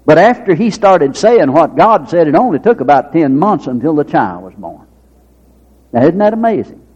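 A man's voice: fairly high pitch, very animated, moderate pace, darkish tone, husky. A man preaching a sermon, folksy and full of rhetorical questions, acting out little scenes with quoted voices. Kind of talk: sermon with acted-out anecdotes. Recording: dull lo-fi sermon recording.

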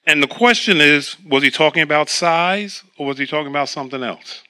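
A man's voice: a little high, fairly quick, sharp tone. A man preaching a sermon, reading scripture aloud and then explaining it in a conversational way.

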